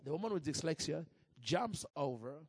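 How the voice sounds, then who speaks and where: A man preaching and telling a story in an animated way, with frequent restarts and repeated words. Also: a little high, normal speed, slightly rough, no echo. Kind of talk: sermon storytelling.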